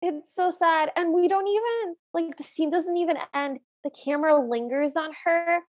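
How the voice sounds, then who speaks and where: A woman's voice: very high-pitched, normal speed. A woman co-hosting a podcast, chatting casually and stating her opinions and dislikes plainly. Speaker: podcast co-host. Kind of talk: casual chat.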